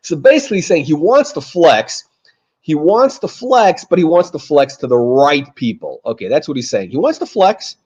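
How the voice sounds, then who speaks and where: A man's voice: fairly high pitch, big pitch swings, moderate pace, a little mellow, slightly rough, highs cut off. A man hosting a show, ranting sarcastically and profanely as he reacts to a clip, rambling with many restarts. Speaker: host reacting to a video clip. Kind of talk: casual ranting commentary.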